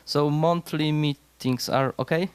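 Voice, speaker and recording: Hesitant man with a smooth voice. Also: a little high, fairly even intonation, unhurried, no room sound. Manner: hesitant, many fillers, frequent agreeing. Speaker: session moderator. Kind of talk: casual discussion. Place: conference room session.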